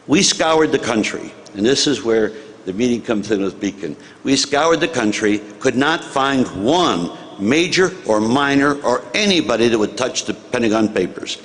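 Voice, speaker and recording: Older American man telling an animated story. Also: mid-range voice, normal speed. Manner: animated, acts out dialogue, chuckles at own story. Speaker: former senator telling a story. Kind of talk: anecdotal storytelling to an audience.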